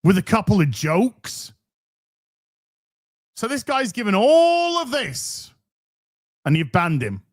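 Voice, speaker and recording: A man's voice: high-pitched, very animated, slow, pauses often. A man hosting a commentary show, ranting sarcastically and mocking the streamer he reacts to. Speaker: commentary host.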